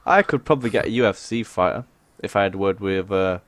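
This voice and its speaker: A young man from England with a lowish voice banters sarcastically with his co-host. He swears freely and tells stories in a casual chat style. The sound is close and dry. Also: brisk, a bit bright, dry recording. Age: young adult. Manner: sarcastic, swears, mimics callers. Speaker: podcast co-host.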